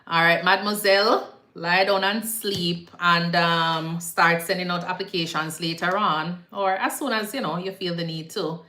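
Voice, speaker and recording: A young Jamaican nurse talks casually to viewers on a live stream, sliding into patois phrasing. Her voice sits a little low but rings bright. The room around her sounds echoey. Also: steady tone, moderate pace, a little hiss or hum.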